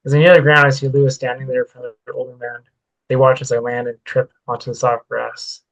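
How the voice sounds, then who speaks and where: A man reads his unfinished story aloud in first person, the pitch held flat and even throughout. He reads plainly, now and then tripping on a word and correcting himself. It sounds like an author sharing a draft rather than a polished narration. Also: a little fast, muffled recording. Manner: plain reading with occasional stumbles and self-corrections. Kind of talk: reading a work-in-progress story aloud.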